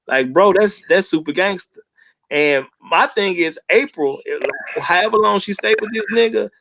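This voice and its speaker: A man co-hosting a casual podcast chat, talking bluntly in animated slang. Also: fairly high pitch, no echo, lo-fi sound.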